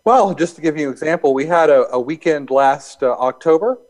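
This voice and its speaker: A man interviewed as a hypnosis and NLP coach, explaining his work in a calm, easygoing way. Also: a little high, a little fast. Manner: calm, explanatory, laughs easily. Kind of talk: casual interview talk.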